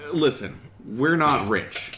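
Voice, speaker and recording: Slow, deadpan man with a bright voice. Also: medium pitch. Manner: deadpan, dry jokes. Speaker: podcast co-host. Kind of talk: casual banter.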